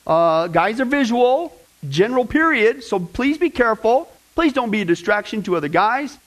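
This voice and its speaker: A male pastor preaching a lively sermon, joking and talking straight to his congregation. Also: very high-pitched, moderate pace, low-quality recording. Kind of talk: sermon with fill-in-the-blank notes.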